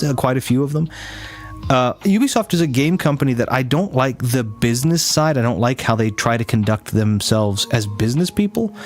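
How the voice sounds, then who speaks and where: A man chatting casually on a live stream, rambling with many restarts and fillers, teasing his chat now and then. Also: medium pitch.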